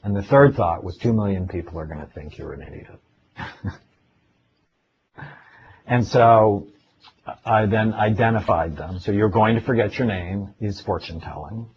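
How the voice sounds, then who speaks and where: A middle-aged man with a very low voice gives a relaxed webinar lecture, mixing advice with his own stories. He acts out the thoughts in his head as he goes. The audio is dull and lo-fi, with a faint hum of ambience behind him. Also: measured pace, long pauses. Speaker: psychiatrist giving a webinar. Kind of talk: casual spoken lecture with personal stories.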